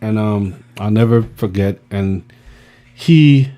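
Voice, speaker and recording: A man working as a music producer, telling a studio anecdote as a guest, animated and full of restarts and fillers. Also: on the low side, slow. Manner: animated, acts out quotes, many restarts and fillers. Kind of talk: storytelling anecdote.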